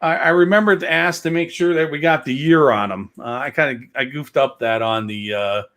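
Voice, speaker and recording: A man's voice: fairly high pitch, fairly even intonation, moderate pace, a bit bright. Rambling joking male stream host. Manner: rambling, filler-heavy, joking. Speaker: host of a livestreamed gaming show. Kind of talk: casual livestream chat.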